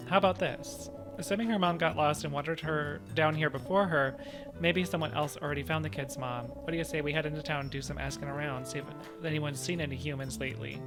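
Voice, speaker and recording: A man's voice: a little high, fairly even intonation, natural voice. A man voicing a fussy, reasoning sidekick. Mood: pondering. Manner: quick, wordy reasoning with hedging fillers. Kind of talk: reading game dialogue aloud. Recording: game music playing behind.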